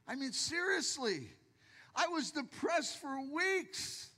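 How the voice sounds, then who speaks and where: An older male pastor preaching a sermon in a church with jokey, animated storytelling, acting out the voices of people in his stories. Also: very high voice, a little slow, long reverb tail.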